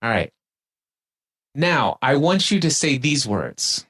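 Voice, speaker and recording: A man's voice: medium pitch, big pitch swings, slow, sharp tone, husky. A man on a podcast, talking reflectively about spiritual awareness and leading the listener through spoken exercises. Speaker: podcast guest. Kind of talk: casual spiritual conversation.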